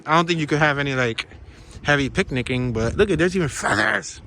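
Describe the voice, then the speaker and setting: A man's voice: fairly high pitch, lively intonation, fairly quick, creaky, bright, forceful tone, slight background noise. A man vlogging casually on a walking tour outdoors by a pond, playful and slangy as he jokes around. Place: outdoors by a pond in cold weather.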